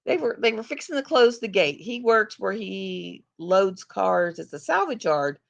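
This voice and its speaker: A woman's voice: mid-range voice, expressive, unhurried, vocal fry, dull audio. A middle-aged woman, hosting a casual live chat and rambling through stories with frequent laughter. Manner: rambling, laughs often, acts out other people's voices. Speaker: livestream host.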